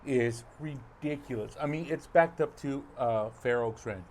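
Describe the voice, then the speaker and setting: A man's voice: medium pitch, unhurried, a little mellow, slight background noise. Rambling man telling stories. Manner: swearing, rambling storyteller with many fillers. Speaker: podcast co-host. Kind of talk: casual chat.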